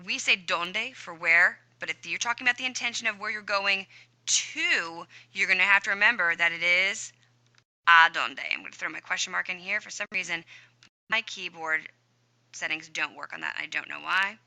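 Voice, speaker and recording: A woman's voice: fairly low pitch, normal speed, gravelly, bright, forceful tone. A woman teaching a recorded Spanish grammar lesson, upbeat and chatty, talking to herself while she types.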